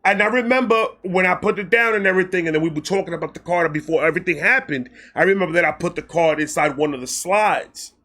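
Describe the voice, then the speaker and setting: A man telling a personal story in a casual vlog, excitable, animated and full of profanity. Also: high voice, quick pace, few pauses. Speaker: storyteller host.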